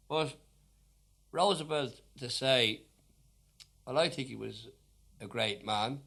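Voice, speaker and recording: A Dublin singer talks wryly, with hesitant fillers and long pauses, introducing the unaccompanied ballads he sings on an old archival record. His medium-pitched voice is slow, creaky, pushed and bright, and slightly rough.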